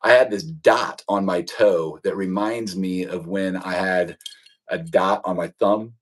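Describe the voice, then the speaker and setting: A man in his forties hosts a casual live stream. His voice sits slightly low, and he wanders through personal anecdotes, breaking into laughter often. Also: fairly even intonation, unhurried. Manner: rambling storyteller, laughs often. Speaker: livestream host. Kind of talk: casual chat.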